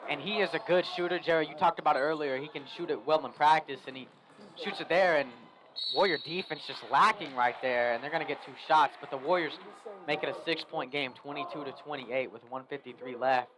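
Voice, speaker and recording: A man's voice: fairly high pitch, a little fast, crowd noise, low-quality recording. A young man doing chatty, lightly joking play-by-play commentary for a school basketball game. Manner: chatty, lightly joking, talks while eating. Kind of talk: local sports commentary.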